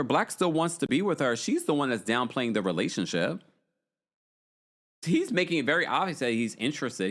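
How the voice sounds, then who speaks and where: Lively-voiced man recapping reality TV. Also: medium pitch. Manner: chatty, reads viewer comments aloud and reacts. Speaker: recap show host. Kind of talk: casual livestream recap chat.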